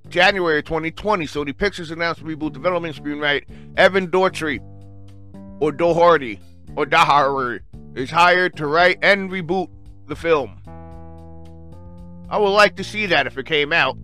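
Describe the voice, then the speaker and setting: Man vlogger with a bright, slightly high voice, reviews movies in an animated, profane rant. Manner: excitable, swears, keeps saying "freaking". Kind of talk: casual rant reading off a webpage.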